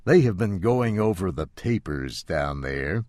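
A man voicing a carefree, polite young gentleman who speaks light-heartedly. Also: low-pitched, animated, measured pace, no echo, studio quality. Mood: polite, breezy.

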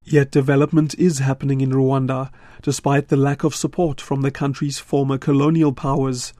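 A man reporting a radio news feature in a measured, scripted voice-over from a studio. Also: medium pitch, no echo. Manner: measured, steady delivery.

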